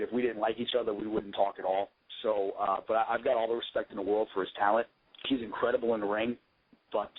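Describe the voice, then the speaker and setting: A man, a pro wrestler guest, telling casual stories in a rambling, profane, jokey way. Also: on the low side. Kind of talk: casual storytelling. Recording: tinny phone line.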